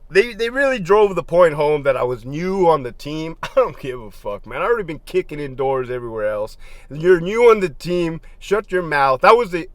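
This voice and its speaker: A man's voice: fairly high pitch, no echo. A middle-aged former prison lieutenant telling stories in a casual, profane way, laughing often as he goes. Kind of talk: casual storytelling monologue.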